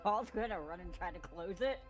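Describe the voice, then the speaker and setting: A woman's voice: on the low side, lively intonation, moderate pace, over music. A woman playing a tabletop roleplaying game who speaks hesitantly and laughs often. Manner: hesitant, giggly. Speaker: player.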